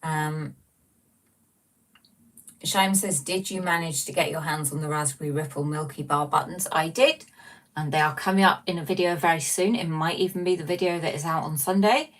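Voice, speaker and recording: A woman's voice: low voice, moderate pace, far from the mic. A woman hosting a casual livestream from a small room. She rambles cheerfully, pokes fun at herself, and reads out viewer comments. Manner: chatty, rambling and self-mocking. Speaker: livestream host.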